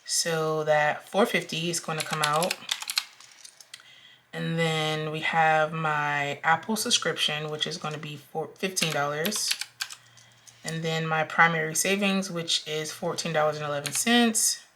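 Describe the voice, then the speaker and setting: Young female vlogger, low and unhurried, chatty, with frequent ums. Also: steady tone, background noise. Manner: slow, chatty, with frequent ums and counting aloud. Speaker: budgeting vlogger. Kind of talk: casual talk-through while cash stuffing.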